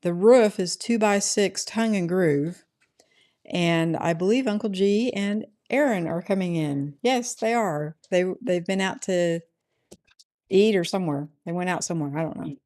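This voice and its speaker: A woman's voice: fairly low pitch, measured pace, a little mellow. A middle-aged woman hosting a casual livestream from her home, chatting loosely and answering viewers' comments. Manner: rambling and chatty, often adds "right?". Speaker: livestream host reading chat.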